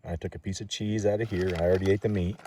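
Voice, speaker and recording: A man's voice: sits low, little pitch movement, racing, warm tone, a little hiss or hum. A man telling casual, folksy stories while hiking outdoors, a little out of breath from climbing. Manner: chatty, loose and folksy, swears casually. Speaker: thru-hiker vlogger.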